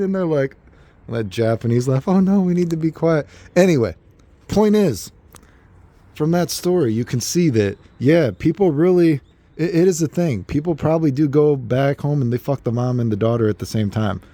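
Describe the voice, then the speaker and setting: A young adult man telling casual anecdotes in an animated, rambling way, full of fillers and laughter. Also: a little high, normal speed, dry recording. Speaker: storyteller.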